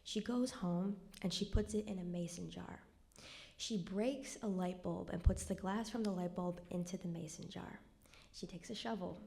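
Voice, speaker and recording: A woman's voice: fairly low pitch, moderate pace, creaky, warm tone. A young woman telling a true personal story live on stage at a cultural center, in a wry conversational way that drops to a near whisper at somber moments.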